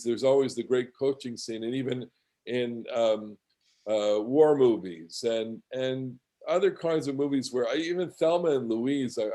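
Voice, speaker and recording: A man teaching a class in a halting, digressive way. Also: mid-range voice, mellow. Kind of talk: casual class lecture.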